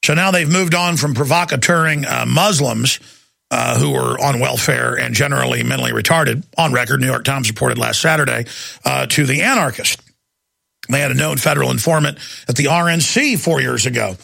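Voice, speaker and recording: A man's voice: mid-range voice, a little fast, creaky, sharp tone, no room sound. A man hosting a talk radio show, ranting in an indignant, sarcastic monologue from a studio.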